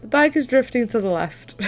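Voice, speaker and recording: A woman's voice: sits high, darkish tone. A young adult woman streamer telling a story in casual chat, swearing freely and laughing as she talks. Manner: chatty, swears, laughs through her story.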